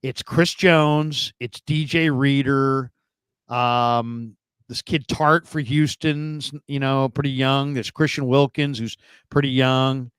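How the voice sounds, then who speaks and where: A man's voice: medium pitch, steady tone, slow pace, fairly bright tone, clean tone, dry recording. A man on a sports talk show giving his opinions casually, thinking aloud with frequent restarts. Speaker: sports podcast panelist.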